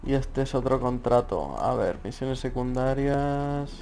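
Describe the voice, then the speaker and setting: A man's voice: medium pitch, normal speed, darkish tone, faint music behind. A man casually commenting while playing a video game, muttering to himself. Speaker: gamer. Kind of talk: let's play commentary.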